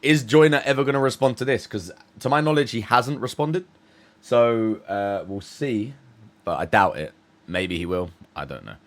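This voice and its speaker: A man talks through his reactions in a loose, rambling way, often stopping and restarting his sentences. His voice sits at an ordinary middle pitch. He sounds like a casual host thinking out loud. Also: moderate pace. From United Kingdom. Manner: rambling, hesitant, with many restarts.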